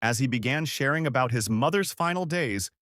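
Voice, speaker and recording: A man's voice: mid-range voice, lively intonation, brisk, fairly bright tone, no room sound, clean studio sound. A man reading a scripted voice-over in an earnest, polished way. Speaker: narrator.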